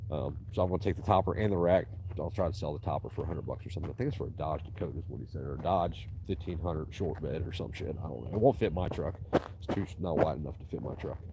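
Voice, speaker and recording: Deep-voiced profane man. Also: fast, noisy background. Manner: profane, rambling, drawling storyteller. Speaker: tree cutter vlogging. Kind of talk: casual rambling monologue.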